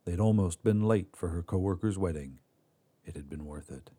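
A man hosting a fiction podcast, reading a short story in a measured way that drops quiet on sad moments. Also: low voice, slightly rough. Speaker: podcast host and narrator. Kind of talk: scripted story narration.

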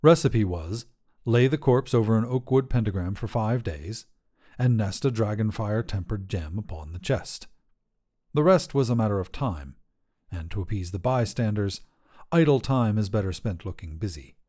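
Mellow male story narrator. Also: on the low side, expressive, moderate pace.

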